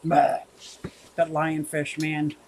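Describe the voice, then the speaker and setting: A woman's voice: low-pitched, level tone, takes it slowly, darkish tone. A woman hosting a casual livestream, chatting with viewers in a rambling way and thanking them by name. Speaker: livestream host.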